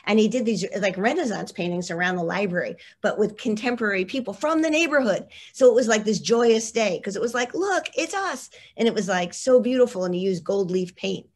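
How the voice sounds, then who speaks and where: A woman's voice: mid-range voice, fairly quick, few pauses, a little mellow. A woman leading a mural arts program, giving an enthusiastic slide presentation full of "like" and emphatic asides. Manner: effusive, lots of "like", emphatic. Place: online talk.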